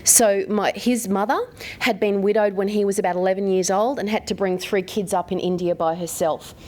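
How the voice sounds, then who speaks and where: A woman's voice: mid-range voice, fairly even intonation, a little fast, dark tone. An Australian woman in her forties talks openly to a live audience about her own life. She is conversational and unpolished, with plenty of fillers, and often turns to the room with questions. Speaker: mentor speaking to an audience. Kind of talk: personal talk to a live audience.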